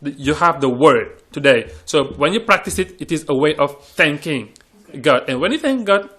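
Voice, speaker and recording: A man's voice: fairly high pitch, lively intonation, normal speed, fairly bright tone. A man from Senegal, an English teacher talking earnestly in a panel discussion and often repeating words as he searches for phrasing.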